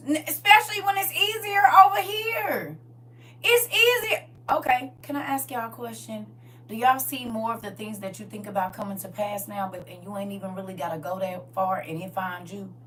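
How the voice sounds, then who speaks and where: A woman's voice: mid-range voice, level tone, a little fast. A woman preaching a conversational sermon, often asking the congregation questions and waiting for their answers. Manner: conversational, call-and-response with congregation. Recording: voice from far off the mic.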